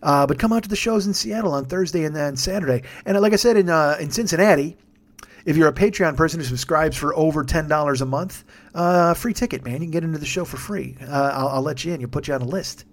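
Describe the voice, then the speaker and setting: Tired, profane comedian rambling through plugs. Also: male voice, on the high side, fast. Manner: profane, rambling, self-mocking. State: tired, yawning. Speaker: podcast host; stand-up comedian. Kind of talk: casual late-night monologue with plugs.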